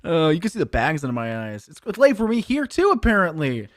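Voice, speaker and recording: Lively young male esports caster. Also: fairly high pitch, fast talker, no room sound, clean studio sound. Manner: excitable, chatty, self-mocking. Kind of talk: live esports commentary.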